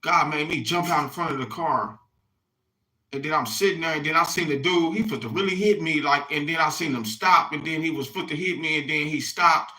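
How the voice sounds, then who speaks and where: A man's voice: a little high, a little fast, pushed and bright, poor audio. A man talking to his viewers in a loose, rambling monologue, swearing freely and repeatedly checking in with "you hear me". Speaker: vlogger.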